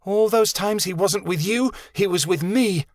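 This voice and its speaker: A woman's voice: medium pitch, a little slow, a little mellow, no room sound, studio quality, pitched above the performer's own voice, natural voice. A man doing a spoiled heartbroken young woman. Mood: taunting.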